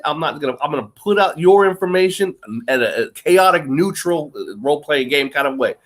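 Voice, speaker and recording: A man tells stories in casual chat over a remote call, swearing and laughing along. His voice is high and swings widely in pitch. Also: moderate pace. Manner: storytelling, lively, swearing, laughing.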